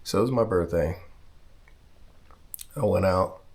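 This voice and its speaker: The man telling this story has a very deep voice and a loose, rambling delivery. He swears freely, circles back to correct himself, and keeps a casual, conversational tone throughout his vlog. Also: unhurried, creaky. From Southern California. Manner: rambling, profane, backtracks often. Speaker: vlogger.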